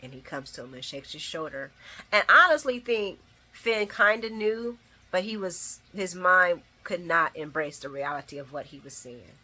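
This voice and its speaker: A woman hosting a casual recap, talking emotionally and rambling, sometimes shouting her reactions. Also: on the low side, expressive, normal speed. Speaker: soap opera recap host.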